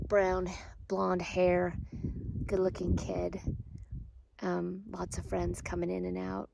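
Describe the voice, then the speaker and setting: A middle-aged woman, a respiratory therapist, telling a personal story in a soft, hushed, earnest way. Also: on the low side, creaky, background noise.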